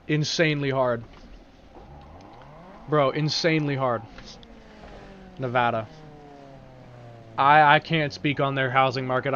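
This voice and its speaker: A man's voice: mid-range voice, fairly bright tone, dull audio, slight background noise. Man chatting on stream with a sore throat. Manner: rambling, casual, swears freely. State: sore throat, speaking carefully. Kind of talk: casual live-stream chat while gaming.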